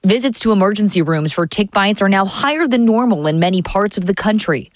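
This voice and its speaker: Brief: female network news anchor, measured scripted read, dry close sound. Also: mid-range voice, lively intonation, dry recording.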